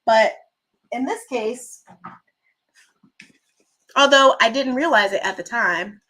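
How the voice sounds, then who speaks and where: A woman hosting a casual live stream from home, chatting straight to her viewers in an animated way. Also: fairly high pitch, slow pace. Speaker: channel host.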